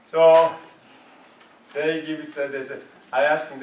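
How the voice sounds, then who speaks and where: A man with a fairly high voice speaks slowly, pausing often, caught from a distant mic with roomy sound and slight background noise. He is a martial arts grandmaster teaching a health class in broken, emphatic English with non-native phrasing. He poses questions and then answers them himself.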